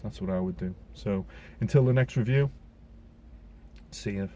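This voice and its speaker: A man reviewing a film in a loose, chatty way, stumbling over words and filling pauses with "um". His voice sits a little low and sounds warm and mellow. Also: slight background noise. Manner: rambling, restarts words, many fillers. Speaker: film reviewer, podcast host. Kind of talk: casual spoken film review.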